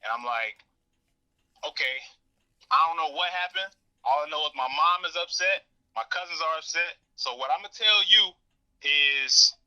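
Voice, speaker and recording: Bright-voiced man telling a story. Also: fairly quick. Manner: animated, acts out quoted dialogue with rising pitch. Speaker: podcast guest. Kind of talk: casual storytelling in an interview. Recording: dull lo-fi audio.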